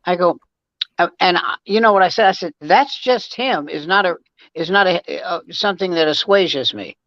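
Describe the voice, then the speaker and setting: A man's voice: high-pitched, fairly quick, sharp tone, no echo, muffled recording. Man telling rambling comedy stories. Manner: rambling anecdotes with frequent restarts. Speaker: guest comedian. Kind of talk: casual storytelling chat.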